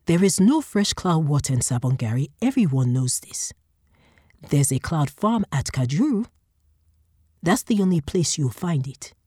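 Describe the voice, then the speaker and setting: A woman's voice: low voice, big pitch swings, moderate pace, warm tone, husky, no echo, studio quality, exaggerated voice. A woman voicing a boastful male flesh worker who talks in a wheedling way. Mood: matter-of-fact.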